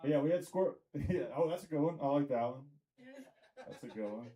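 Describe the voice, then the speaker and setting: A man's voice: on the high side, lively intonation, brisk, mellow, poor audio. A man from Tennessee doing a rambling stand-up comedy set in a comedy club, with crowd work and lots of fillers.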